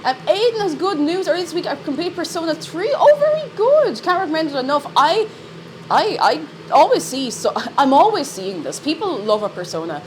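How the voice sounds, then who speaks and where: A young woman streaming from home, chatting brightly with her viewers and greeting them by name. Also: high-pitched, expressive, a little fast, a little hiss or hum. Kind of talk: casual live-stream chat.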